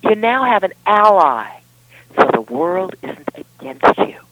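A woman's voice: medium pitch, sing-song, unhurried, no room sound, dull audio. A woman relationship expert speaking as a guest in a podcast interview, explaining in an emphatic way.

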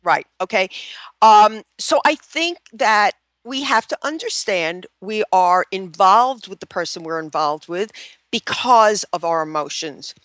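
A woman's voice: medium pitch, lively intonation, measured pace, a bit bright, dry recording. A middle-aged woman, a relationship therapist, talking casually as a podcast guest and often acting out example phrases. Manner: chatty, acts out example phrases, many fillers like "you know".

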